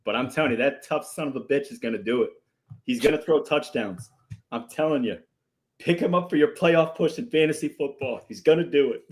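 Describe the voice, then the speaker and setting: A man's voice: medium pitch, a little fast. A man co-hosting a casual football podcast with a mid-range, ordinary voice. He jokes easily and laughs often. He states his predictions with cocky certainty. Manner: jokey, laughs often, confident hot takes. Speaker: sports podcast co-host. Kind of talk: casual sports chat.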